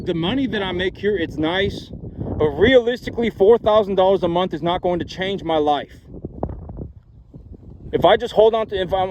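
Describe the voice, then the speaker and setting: A man's voice: high voice, moderate pace, highs cut off. A man talking about farming and investing, blunt and repetitive, often tacking on "right?" and "you know". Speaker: farmer and investment vlogger. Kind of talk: blunt opinion monologue. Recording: noisy background.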